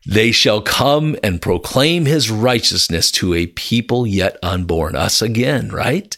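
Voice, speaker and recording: A man giving an earnest devotional Bible teaching, speaking straight to the listener and rising to excited, emphatic peaks. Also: lowish voice. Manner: earnest, swells to excited exclamations, addresses listener as my friend.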